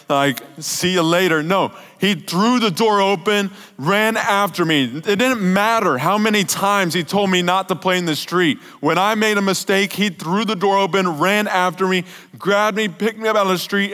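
A man's voice: normal speed, hardly any pauses. Young male pastor preaching in a reverberant hall. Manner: conversational, emphatic preaching, drops soft and low near the end. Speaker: youth pastor. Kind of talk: sermon.

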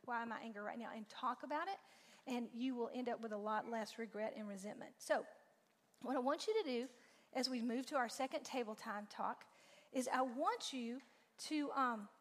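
A woman giving a lively, informal talk to a church parenting group, acting out her own stories as she goes. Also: on the high side, normal speed. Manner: animated storytelling, acts out her own lines. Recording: long reverb in a large room.

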